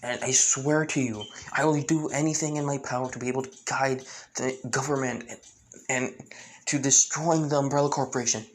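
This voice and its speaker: Earnest ex-spy woman, read by a man, pleading, gravelly texture. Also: mid-range voice, fairly even intonation, fairly quick, slight background noise, close to an everyday voice, rough recording.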